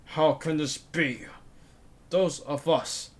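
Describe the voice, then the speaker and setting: A man voicing a menacing, cold male vampire monster from a visual novel, speaking slowly and mockingly. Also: fairly high pitch, steady tone. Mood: stunned.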